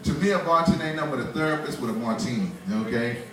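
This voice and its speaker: A man's voice: fairly high pitch, fast talker, background noise. A man in his forties doing a loose, conversational stand-up comedy set in a small bar, laughing at his own jokes. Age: 40s. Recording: roomy bar, voice from far off.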